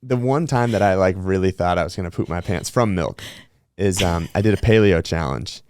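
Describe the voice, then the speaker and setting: A man's voice: sits low, fairly quick, clear, resonant tone, dry recording, clean studio sound. A man hosting a podcast, chatting candidly and telling stories with plenty of swearing. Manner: candid, swears freely, animated storytelling. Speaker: podcast host. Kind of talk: casual podcast conversation.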